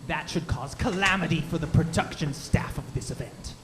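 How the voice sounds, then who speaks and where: A man voicing a smug male chaos spirit doing a failing stand-up act, with hammy drawn-out punchlines, in a live script reading. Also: fairly high pitch, lightly acted. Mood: scheming. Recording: noisy home recording.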